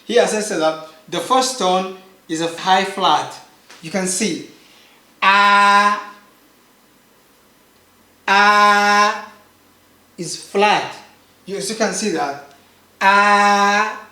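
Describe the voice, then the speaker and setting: Slow, high-voiced man teaching pronunciation. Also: fairly bright tone, reverberant. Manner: patient, repetitive drilling with sung-out sample sounds. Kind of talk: online language lesson.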